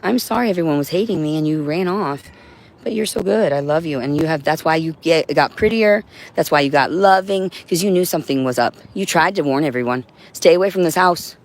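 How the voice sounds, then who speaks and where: A woman's voice: sits low, brisk. A woman on a livestream in an agitated, profane, rambling monologue, now and then talking to her cat.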